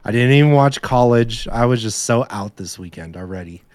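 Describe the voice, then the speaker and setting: A man's voice: mid-range voice, animated, normal speed, darkish tone, no echo. A young man, co-host of a podcast, chatting bluntly and casually about sports and his weekend, swearing freely.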